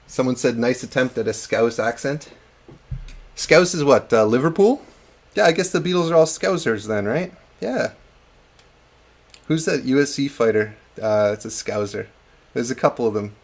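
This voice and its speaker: A man's voice: medium pitch, animated, normal speed. A man chatting casually on a hobby livestream while painting miniatures, reading out chat and joking at his own expense. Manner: chatty, self-deprecating, reads chat aloud.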